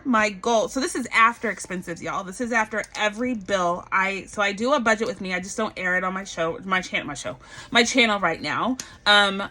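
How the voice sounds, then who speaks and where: Chatty, bright-voiced woman vlogger. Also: medium pitch. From Barbados. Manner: chatty and animated, addresses viewers as y'all. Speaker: budgeting vlogger. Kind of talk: casual chat to camera.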